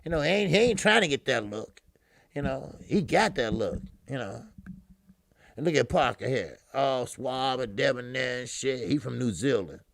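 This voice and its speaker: Gravelly, profane man calling a fight. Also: medium pitch, moderate pace, no room sound, clean studio sound. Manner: profane, loose street-talk, laughs at himself; loud excited blow-by-blow when action starts. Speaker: boxing commentator. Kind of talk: casual live fight commentary.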